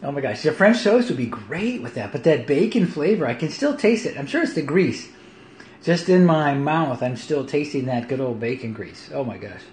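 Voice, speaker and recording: A chatty middle-aged man talking on a home livestream, with a voice that rises and falls a great deal and sits a little high. He is recorded on a phone in an echoey kitchen with a faint hiss underneath. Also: moderate pace. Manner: chatty, lively, laughs often. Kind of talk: casual livestream chat.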